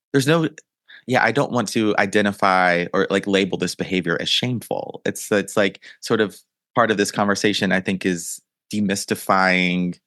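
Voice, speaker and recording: A man hosts a dating-advice podcast in a fairly low voice, recorded close and dry with no room sound. He keeps the chat relaxed and affirming, often murmuring agreement. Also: dry recording. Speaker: podcast host and dating coach. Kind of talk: casual conversational interview.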